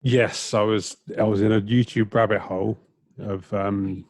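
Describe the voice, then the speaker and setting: A man's voice: lowish voice, flat delivery, measured pace, no room sound. A man co-hosting a podcast, talking in a hesitant, stumbling way during casual chat. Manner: hesitant, stumbling, soft-spoken. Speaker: podcast co-host.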